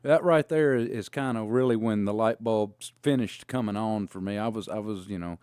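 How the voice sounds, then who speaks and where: A man's voice: lowish voice, brisk, darkish tone, smooth, dry recording, clean studio sound. A man telling rambling road stories in casual chat as a podcast co-host, with lots of fillers and restarts. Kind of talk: casual storytelling.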